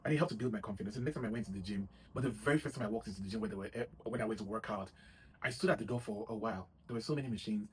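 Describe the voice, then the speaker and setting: A man's voice: fairly low pitch, rapid-fire, a little hiss or hum, rough recording. A man giving casual motivational advice to his viewers, rambling and often adding "you know what I mean.". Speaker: vlogger giving gym advice. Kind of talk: casual motivational talk to camera.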